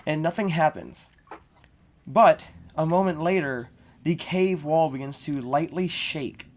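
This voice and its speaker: In a low, slightly mellow voice, a woman narrates a tabletop session as game master at a measured pace. Her throat is scratchy and her delivery hesitant, broken by restarts and filler words.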